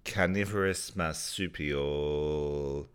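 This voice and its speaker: A man's voice: rumbling low, drawn-out words. A man co-hosting a casual podcast, working through quiz answers in an easygoing, chatty way. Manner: easygoing, laughs often, thinks aloud. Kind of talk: casual chat.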